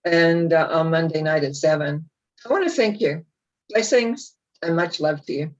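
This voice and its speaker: A woman speaking off the cuff as a spiritual teacher on her own channel, reflective and gently encouraging, wandering from thought to thought. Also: low voice, moderate pace, muffled recording. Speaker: spiritual teacher and YouTube host. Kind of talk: unscripted spiritual talk to camera.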